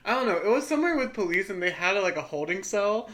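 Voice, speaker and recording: A young woman co-hosting a casual chat podcast, a relaxed storyteller who restarts her sentences and laughs softly as she talks. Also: medium pitch, quick pace. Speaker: podcast co-host.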